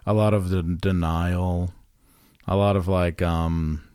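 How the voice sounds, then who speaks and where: A man's voice: low-pitched, flat delivery, slow, dark tone, smooth, no room sound, clean studio sound. A man co-hosting a casual podcast chat, rambling and self-deprecating, restarting his sentences often. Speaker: podcast co-host.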